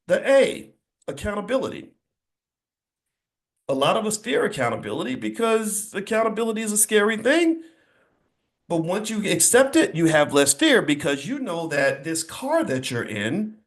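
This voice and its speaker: Animated, emphatic man giving a motivational speech. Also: high-pitched. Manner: preachy, emphatic, animated storytelling. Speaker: speaker addressing an audience.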